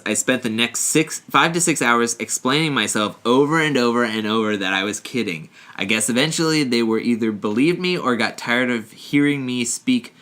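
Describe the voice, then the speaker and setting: Male co-host, bright voice, casual rambling banter full of jokes and laughter. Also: mid-range voice. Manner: joking, rambling, laughs often. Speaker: podcast co-host. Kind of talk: casual chat, reading stories aloud.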